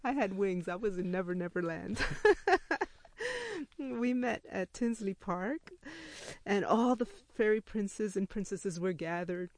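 A woman storyteller telling a personal story to a live audience, animated and laughing as she acts out the quoted speech. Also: mid-range voice, a little slow, no echo.

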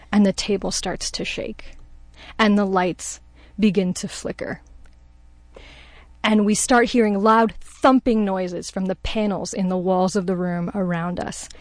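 A woman's voice: medium pitch, no room sound. A woman telling a comedic personal story as a guest, self-deprecating and acting out the voices of the people in it. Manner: lively, self-deprecating, acts out voices in quotes.

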